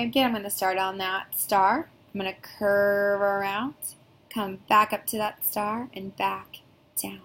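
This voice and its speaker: Bright, sing-song kindergarten teacher woman. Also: mid-range voice. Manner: slow, sing-song teacher talk with drawn-out sounds and call-and-response prompts. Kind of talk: recorded classroom phonics lesson.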